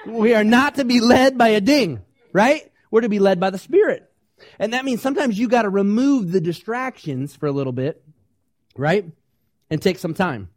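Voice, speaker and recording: A male pastor delivers a lively sermon. His voice sits high for a man and sounds dry and close. He keeps asking the congregation questions and acts out the voices he quotes. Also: normal speed, dry recording. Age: young adult or middle-aged, parent of small kids.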